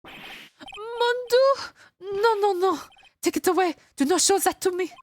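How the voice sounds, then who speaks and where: A woman's voice: a little high, animated, unhurried, slight background noise. A woman voicing a timid, nervous French man with an exaggerated put-on French accent, fretful and dramatic. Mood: panicked.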